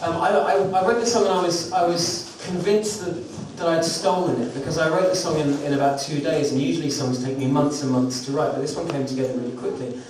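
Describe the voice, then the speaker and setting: The man's voice sits on the high side, with fairly even intonation, a slightly fast pace and few pauses, and a crowd can be heard behind him. A singer-songwriter playing live in a recording studio, he introduces a song to a small audience through a rambling, self-deprecating story. It's a roomy, distant live recording with background noise.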